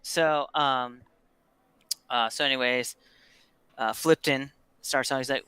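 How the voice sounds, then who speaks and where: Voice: medium pitch, steady tone, unhurried, long pauses, bright, forceful tone, smooth, no echo. A game master narrating a tabletop game, chatty and laughing while explaining the voices.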